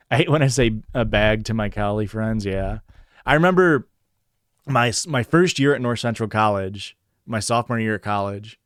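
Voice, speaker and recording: Young man, Chicago-area Midwest accent, casual stream chat, rambling and profane, smooth voice, dry close mic. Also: lowish voice, no room sound. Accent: Chicago-area Midwestern American. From northern Illinois, USA. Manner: rambling, lots of "like" fillers and profanity. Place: home streaming setup.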